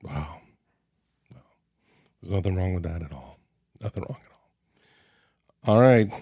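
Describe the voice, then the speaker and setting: A man's voice: low voice, expressive, slow, creaky, warm tone, husky, dry recording, studio quality. A man hosting a podcast, chatting casually as he reads out quiz questions and riffs on the answers. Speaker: podcast host. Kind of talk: casual interview chat.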